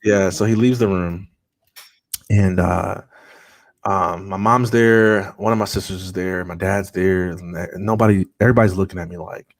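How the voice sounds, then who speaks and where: Deep-voiced man telling a personal story. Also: steady tone, moderate pace. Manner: earnest, conversational, with frequent restarts and fillers. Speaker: guest. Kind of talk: personal storytelling in a podcast interview.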